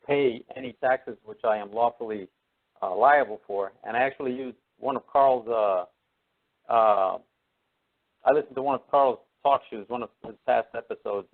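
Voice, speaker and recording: A man calling in to a radio show, telling his story hesitantly with many fillers. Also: medium pitch. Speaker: caller. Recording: tinny phone line.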